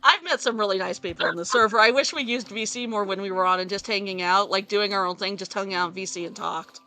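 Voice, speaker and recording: A woman's voice: medium pitch, quick pace, bright, forceful tone, faint music behind. A woman from the United States streaming a game, chatting casually over voice chat and laughing often.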